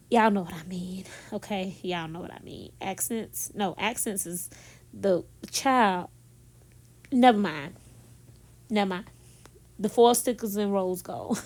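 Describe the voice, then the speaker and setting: A woman recording a casual, chatty voiceover in her bedroom, talking softly, laughing at herself and speaking straight to her viewers. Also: medium pitch. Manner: talks softly so as not to disturb someone nearby. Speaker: planner vlogger. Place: bedroom at home.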